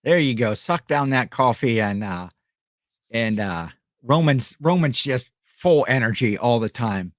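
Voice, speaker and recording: A man's voice: medium pitch, expressive, a little slow, no echo. Casual guy livestreaming, reading chat out, dry mic, lots of uhs and restarts. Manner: rambling, reads chat aloud, many fillers and restarts. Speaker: livestream host selling items. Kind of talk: casual live-stream chat.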